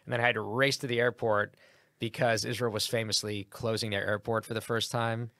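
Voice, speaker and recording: Man, podcast guest, casual lively storytelling, acts out quotes, mid pitch, dry close mic. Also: a little fast, no room sound. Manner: animated anecdote with acted-out quotes. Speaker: comedian guest.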